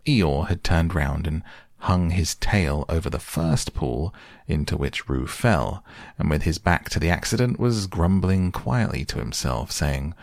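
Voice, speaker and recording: A man reading a children's story aloud in a gentle, measured storytelling manner. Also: a bass voice, expressive, no echo, studio quality.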